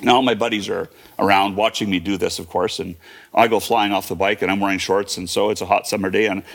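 Tell it fast, low and gravelly, like a man in his fifties reliving a childhood story. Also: steady tone. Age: 50s. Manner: vivid present-tense retelling with fillers and restarts. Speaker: guest. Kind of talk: personal storytelling.

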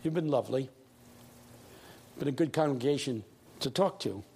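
An eighty-year-old man preaching a sermon in a large church, telling stories with humor and building to shouted peaks. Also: medium pitch, animated, moderate pace, slight background noise. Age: 80s. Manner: rising to shouted call-and-response peaks.

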